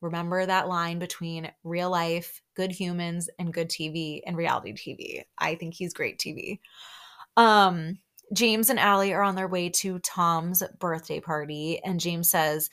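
Young woman podcast host, slightly low voice, gushy casual recap chatter. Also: fairly even intonation, a little slow, a bit bright. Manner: chatty, gushing, with frequent "like" and laughs.

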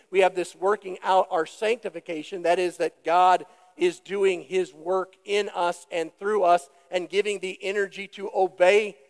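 Slow, high-voiced preaching man in reverb. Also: smooth. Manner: deliberate, emphatic preaching with questions to the congregation. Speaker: pastor. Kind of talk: sermon.

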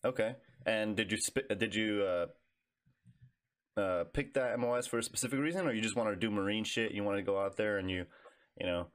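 A man's voice: lowish voice, brisk. A man, a fellow veteran, interviewing in a laid-back way, with slang and cursing. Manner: casual, profane, laid-back questioning. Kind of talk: casual interview.

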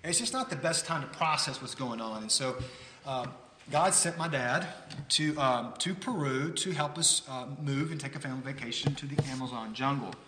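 A man from the United States preaching a sermon, telling a story in a conversational, animated way with frequent restarts. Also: medium pitch, moderate pace, slight background noise. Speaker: pastor. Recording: roomy hall with long reverb.

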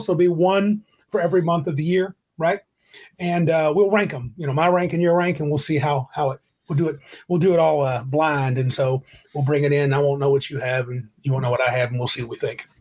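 A man's voice: on the high side, fairly quick, darkish tone. Rambling man hosting a game podcast. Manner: rambling, self-correcting, reads rules aloud. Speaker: podcast host. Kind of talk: casual tabletop game chat.

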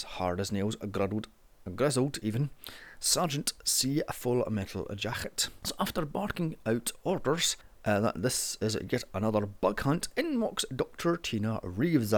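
A man's voice: mid-range voice, vocal fry. A man narrating a casual movie review in a sarcastic, sweary way.

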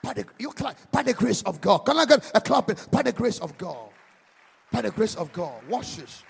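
A male pastor preaching a sermon to a congregation in a church, swinging from hushed lines to shouted, sing-song emphasis and calling for claps. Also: sits high, very animated, moderate pace, vocal fry, a little hiss or hum. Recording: long church hall reverb.

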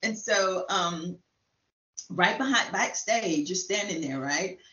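A woman guest in a casual chat, talking fast and animatedly as she tells a story. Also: on the low side, lively intonation, fairly bright tone. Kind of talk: casual chat, telling an anecdote. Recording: roomy, slightly dull sound.

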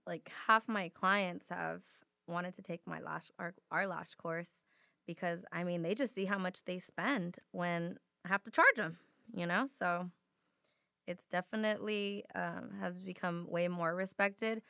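Slightly hoarse, gravelly young woman. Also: fairly low pitch, a little slow, no echo, studio quality. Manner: relaxed, chatty, lots of fillers. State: slightly hoarse from a sore throat. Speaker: podcast co-host. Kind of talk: casual chat.

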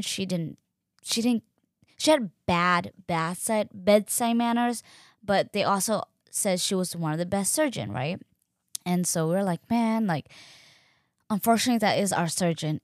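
A young woman casually telling her own story, chatty and animated, acting out what others said. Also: dry recording, clean studio sound. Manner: chatty, animated, acts out quoted voices with pitch jumps. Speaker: podcast host sharing her birth story.

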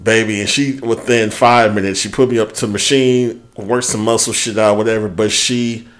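A man co-hosting a podcast, telling a story in casual chat, animated and swearing freely as he goes. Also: on the low side, normal speed. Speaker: podcast co-host.

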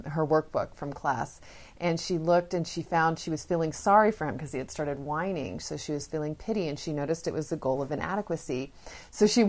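A woman's voice: deep voice, darkish tone. A woman parenting educator chatting casually, retelling stories with fillers. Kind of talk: casual storytelling talk.

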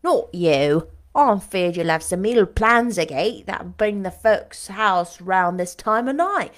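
A woman's voice: mid-range voice, animated, takes it slowly, fairly bright tone, pitched below the performer's own voice. A woman voicing a blunt, distrustful older woman servant with a country dialect, as an audiobook character. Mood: suspicious.

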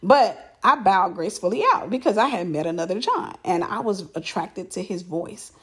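Woman, casual storytelling, animated, slightly breathy voice. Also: mid-range voice, moderate pace. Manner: animated, repeats herself for emphasis, laughs.

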